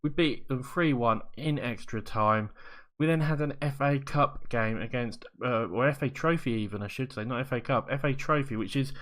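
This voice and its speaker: A man's voice: medium pitch, moderate pace, fairly bright tone. A man giving casual commentary over a football management game, rambling and correcting himself as he goes. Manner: rambling, self-correcting, upbeat. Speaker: video game streamer.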